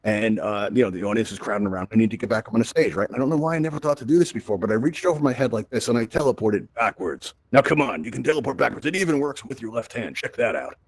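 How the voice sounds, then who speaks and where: A man's voice: mid-range voice, expressive, fast talker, hardly any pauses, dry recording. A man hosting a virtual reality event, walking a crowd through controls in an upbeat, encouraging way with playful asides. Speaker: VR event host and instructor. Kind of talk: live instructional walkthrough.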